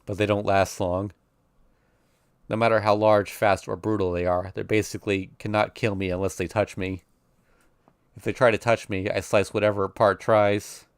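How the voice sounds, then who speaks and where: A man's voice: on the low side, level tone, moderate pace, clean tone, no echo, studio quality. A man streaming, reading a visual novel aloud in an intense, emotional first-person narration.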